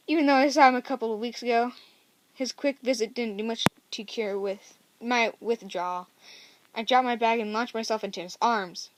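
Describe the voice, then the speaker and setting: A woman's voice: fairly high pitch, steady tone, moderate pace. Woman reading a novel aloud. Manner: casual, self-correcting, chatty asides. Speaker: story reader.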